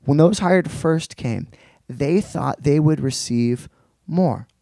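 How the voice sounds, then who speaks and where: A male preacher teaching through a Bible passage in a relaxed, conversational sermon, explaining with slangy asides. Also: fairly high pitch, takes it slowly, gravelly, dry recording.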